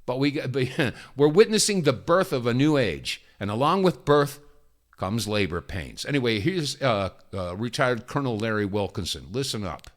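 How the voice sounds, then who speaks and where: A man's voice: mid-range voice, sing-song, normal speed. A man hosting a talk radio show, delivering an emphatic, opinionated monologue with folksy asides and repeated phrases.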